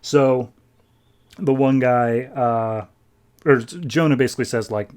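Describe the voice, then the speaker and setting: A man hosting a podcast, casually recapping a comic issue and paraphrasing the characters in quick, chatty asides. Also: mid-range voice, darkish tone. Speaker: podcast host.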